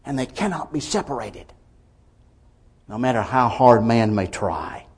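A man preaching a sermon, emphatic, with swings from quiet lines to loud ones. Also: mid-range voice, animated, measured pace, breathy edge.

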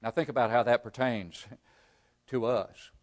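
A man preaching a sermon. He reads scripture aloud, explains it and asks the congregation rhetorical questions, rising loud for emphasis and dropping almost to a murmur. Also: mid-range voice, steady tone, unhurried. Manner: rises loud for emphasis, then drops to a near-murmur.

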